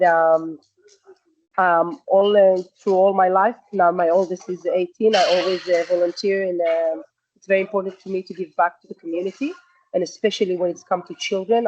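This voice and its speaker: A woman's voice: on the low side, a little mellow, a little hiss or hum. Eager, chatty mother, dull lo-fi call audio. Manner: eager, chatty, many fillers. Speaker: parent committee member. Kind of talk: virtual meeting introduction. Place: noisy hockey arena. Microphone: video call.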